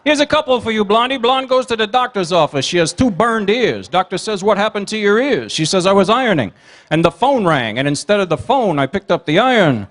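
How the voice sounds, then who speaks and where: A man working as comedian and emcee at a banquet, telling quick one-liners and teasing the audience. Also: sits high, big pitch swings, a bit bright. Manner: rapid one-liners with teasing crowd work. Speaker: comedian and emcee at a gala dinner. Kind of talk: stand-up joke routine. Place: banquet hall.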